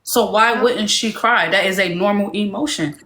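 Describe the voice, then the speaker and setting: A woman hosting a live stream makes an earnest case, stopping to ask rhetorical questions. Her voice is mid-pitched and plain. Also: moderate pace, fairly bright tone. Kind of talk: casual live-stream commentary.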